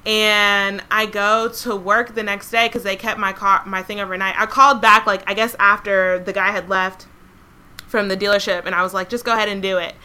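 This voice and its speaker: A young woman co-hosting a podcast, telling a story in a casual, animated way with a lot of swearing. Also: mid-range voice, moderate pace, clear, resonant tone. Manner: animated, profane, laughs often. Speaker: podcast co-host.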